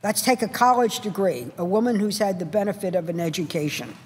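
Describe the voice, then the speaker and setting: A woman's voice: mid-range voice, expressive, fairly quick, darkish tone, slight background noise. Impassioned woman giving a floor speech. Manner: impassioned, emphatic, building to repeated punchy phrases. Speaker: senator. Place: large legislative chamber. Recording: long reverb of a large chamber.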